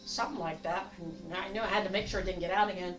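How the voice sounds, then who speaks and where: A woman's voice: on the low side, steady tone, very fast, soft background music. Older woman vlogger, rambling stand-up-style chat, echoey room, mic at a distance. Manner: chatty, rambling, acts out voices. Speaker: comedy vlogger. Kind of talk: casual comic monologue.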